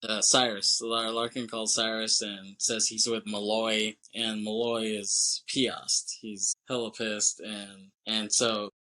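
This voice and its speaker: Animated podcast man recapping a movie. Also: lowish voice, slow, hardly any pauses. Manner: animated retelling, acts out character lines, laughs often, swears. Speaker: podcast host.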